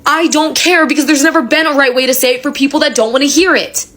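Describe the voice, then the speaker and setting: A woman's voice: high voice, quick pace, a bit bright. A young woman giving an angry, emphatic rant straight to camera and swearing freely. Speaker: social media creator.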